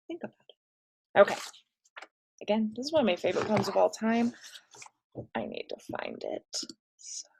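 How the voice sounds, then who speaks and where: A woman's voice: fairly low pitch, vocal fry. A woman teaching an English class in a recorded online lesson, chatty and self-deprecating, reading poetry aloud with relish. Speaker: high school English teacher.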